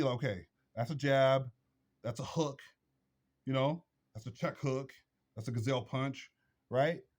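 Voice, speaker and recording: A man hosting a vlog, giving blunt advice in a preachy, repetitive, emphatic monologue. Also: a little high. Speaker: vlog host.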